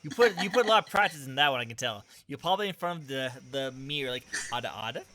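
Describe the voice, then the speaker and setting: A man's voice: fairly high pitch, animated, quick pace, crowd noise. A man hosting a casual stream interview, playful and teasing, often repeating his own phrases.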